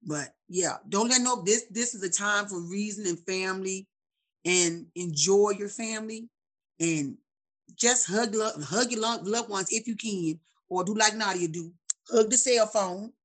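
A woman in her forties in casual chat, animated and preachy, laughing often, heard over a video call. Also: medium pitch, a little slow. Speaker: guest.

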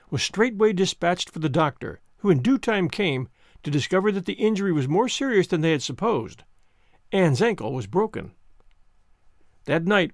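Brief: male audiobook narrator, high voice, very animated, dry studio sound. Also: dry recording.

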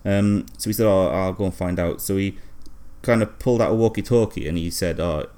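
Deep low aussie guy rambling through a silly story, deadpan, lots of ums. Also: brisk, smooth. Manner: rambling, hesitant, many fillers. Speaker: podcast co-host.

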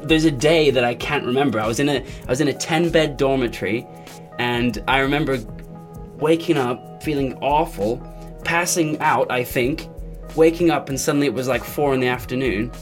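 A man's voice: mid-range voice, moderate pace, faint music behind. Self-deprecating young comedian man. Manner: self-deprecating, hesitant with fillers. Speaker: guest comedian. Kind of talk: casual interview talk.

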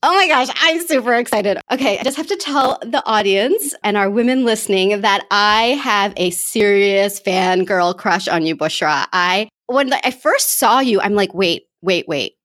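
A woman's voice: mid-range voice, moderate pace, hardly any pauses, fairly bright tone, dry recording, studio quality. An American woman hosting a podcast, introducing and chatting with her guest in a gushing, enthusiastic way. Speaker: podcast host. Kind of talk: podcast interview.

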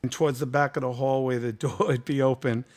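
A man's voice: mid-range voice, a little fast. A man, a guest on a conversational show, telling a story casually and with animation. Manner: animated, laughing, lively storyteller.

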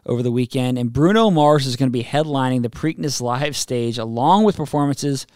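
A man's voice: medium pitch, a little fast, darkish tone, clear, resonant tone, no echo, clean studio sound. A man co-hosting a sports podcast, reading sponsor spots and teasing his partner in casual banter. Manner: reads ad copy, teasing, laughs often. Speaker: podcast co-host.

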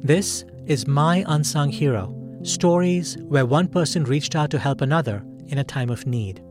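Calm podcast host, faint music under him. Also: male voice, fairly high pitch, normal speed. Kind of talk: scripted narration.

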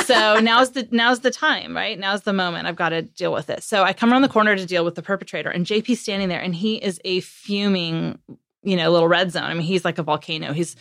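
With a fairly low, fry-tinged voice and a fairly quick pace, a woman appears as a podcast guest, recorded dry and at studio quality. As a parenting author she talks casually, animatedly acting out her own words and her kids', peppered with fillers and laughter.

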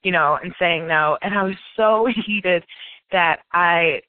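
A woman's voice: fairly low pitch, slow, dry recording. A woman, a company founder, chatting as an interview guest, filling her talk with "like" and "you know" and laughing often. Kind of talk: casual interview chat. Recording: tinny phone-like line, dry.

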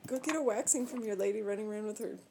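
A woman's voice: medium pitch, racing, creaky, a little mellow, a little hiss or hum. A middle-aged woman, a podcast co-host and mother, teasing and egging on her co-host with frequent laughter. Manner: teasing, pushy, laughs often. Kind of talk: casual chat. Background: dog.

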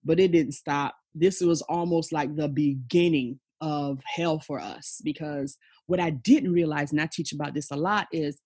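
A woman's voice: low voice, steady tone, normal speed, dark tone, slightly rough, dry recording. A woman in her forties, a podcast guest, telling her personal story frankly and emphatically, often tagging lines with "okay?" and "you know". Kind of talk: candid personal storytelling in conversation.

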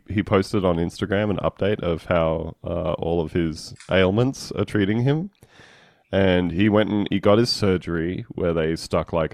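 Low-voiced man, dry casual podcast banter. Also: a little mellow, dry recording. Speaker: podcast co-host. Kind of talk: casual comedic chat.

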